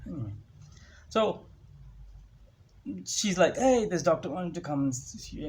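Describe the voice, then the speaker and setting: Sarcastic, high-voiced man ranting. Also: unhurried, long pauses, a little hiss or hum. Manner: animated, sarcastic, mimics others in raised voice. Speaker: vlogger. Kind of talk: casual ranting monologue. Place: home, indoors. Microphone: phone.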